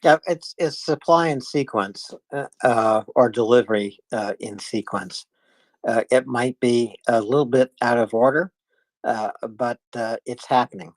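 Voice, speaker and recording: A man's voice: mid-range voice, unhurried, no room sound. A man co-hosting a casual online audio chat, speaking hesitantly with many filler sounds.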